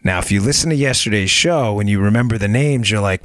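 A man's voice: on the low side, fast, dry recording, clean studio sound. Emphatic, sarcastic male podcast host. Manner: emphatic, sarcastic, rhetorical questions to listeners. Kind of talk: political commentary monologue.

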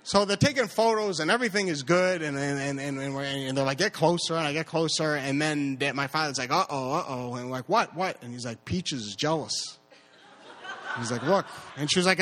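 Male live storyteller, slightly high pitch, stammering, nervy energy. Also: a little fast. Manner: stammering, repeats words, animated impressions.

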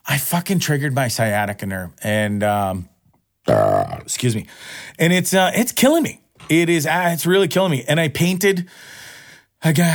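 A man in his forties hosting a solo podcast, rambling in a profane, self-mocking way. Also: a little high. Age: 40s. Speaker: podcast host. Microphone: podcast microphone.

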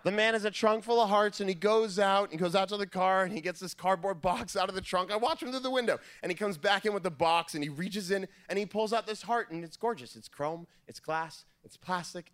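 A man performing a stand-up comedy set, telling family stories in an animated way and acting out their voices. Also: high voice, brisk, hardly any pauses, no echo, clean studio sound. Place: theater stage.

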